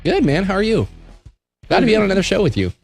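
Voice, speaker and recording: A man hosting a casual gaming show, chatty and animated, with quick asides. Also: high voice, gravelly, faint music behind. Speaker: stand-in host.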